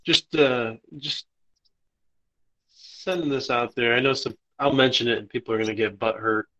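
A male caller speaking in casual chat, halting and hesitant with fillers. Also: medium pitch, fairly even intonation, pushed and bright, highs cut off.

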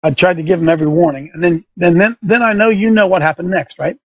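A man's voice: high-pitched, fast talker, dry recording, dull audio. A middle-aged man hosting a show, telling a folksy story and turning it into an emphatic sermon-like lesson for listeners. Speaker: show host. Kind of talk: preaching radio monologue. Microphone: studio microphone.

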